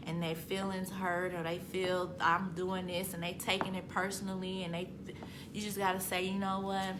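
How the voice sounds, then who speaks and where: A woman's voice: lowish voice, noisy background. A woman author and motivational speaker giving an inspirational self-help talk, emphatic and repetitive, with casual conversational phrasing that swells into passionate peaks.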